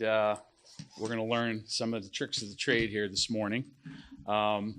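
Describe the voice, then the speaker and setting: A middle-aged man with a New Jersey accent, moderating a panel with folksy, animated storytelling. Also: mid-range voice. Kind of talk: joke-telling moderation.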